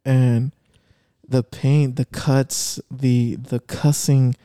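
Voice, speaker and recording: A young man telling a story in casual chat, slangy, switching into Spanish, with halting restarts. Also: mid-range voice, flat delivery, warm tone, smooth, dry recording.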